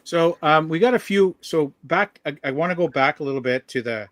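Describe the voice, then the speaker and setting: A man's voice: fairly high pitch, animated, brisk, fairly bright tone, no echo. A man hosting a livestream chat, joking around and hesitating with fillers.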